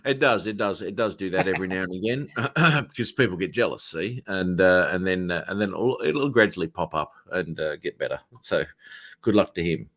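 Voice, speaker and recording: This is a jovial man who banters with friends on a casual call and calls people mate. His voice is fairly low but swings around a lot in pitch, which makes him sound animated. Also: a little fast. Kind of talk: casual chat.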